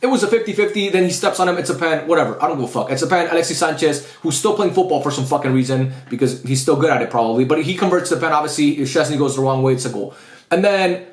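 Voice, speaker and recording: A man's voice: a little high, fast talker, roomy sound. A man giving a ranting post-match football review, frustrated and profane, repeating himself as he vents.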